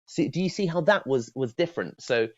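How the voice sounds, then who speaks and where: A man's voice: a little high, lively intonation, fairly quick, no room sound, dull audio. A man teaching cold-calling technique in a casual spoken lesson. He often repeats words and acts out friendly phone openers in a lifted voice. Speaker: sales trainer. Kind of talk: casual spoken training talk.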